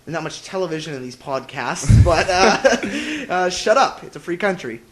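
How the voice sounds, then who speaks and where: High-voiced young man hosting a podcast. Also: animated, normal speed. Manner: joking, laughs often, trips over his words. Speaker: podcast host. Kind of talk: casual chat.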